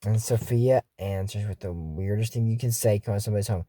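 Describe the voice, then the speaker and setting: A man's voice: fairly low pitch, quick pace, dark tone, no room sound. A man giving a casual, jokey recap of a cartoon episode, rambling through asides and retellings.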